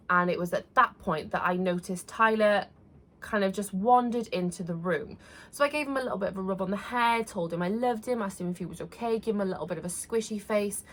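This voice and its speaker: A woman, telling a personal story to camera in an earnest, conversational way with many fillers. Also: mid-range voice. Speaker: vlogger.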